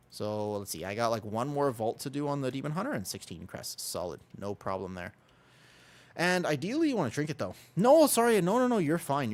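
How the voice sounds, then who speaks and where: A young man streaming a video game, chatting casually and rambling to his viewers, laughing often. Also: fairly low pitch. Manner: rambling, animated, laughs often, talks to chat. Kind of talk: casual livestream chat while gaming.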